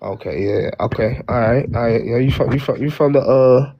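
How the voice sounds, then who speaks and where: A man's voice: medium pitch, brisk, muffled recording. A man moderating a casual live audio panel, stammering and cutting in with prodding questions.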